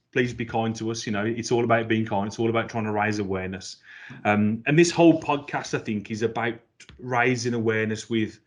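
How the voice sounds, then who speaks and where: A man hosting a casual podcast, chatty and jokey, often restarting his phrases. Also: medium pitch. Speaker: podcast host.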